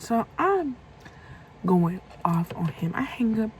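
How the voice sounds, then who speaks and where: A young woman telling a casual storytime vlog, animated and profane, acting out heated quotes. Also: on the high side, takes it slowly, slight background noise, poor audio. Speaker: vlogger.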